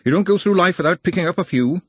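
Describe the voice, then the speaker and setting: A man's voice: high voice, animated, quick pace, fairly bright tone, slightly rough, dry recording, voice pushed up, exaggerated voice. A man doing a blunt, no-nonsense young woman. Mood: brisk. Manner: blunt, practical.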